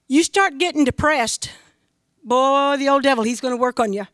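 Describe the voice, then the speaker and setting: A woman's voice: high voice, normal speed, fairly bright tone, dry recording, studio quality. A middle-aged woman from Missouri giving an earnest, emphatic spoken testimony about her faith as a grieving mother.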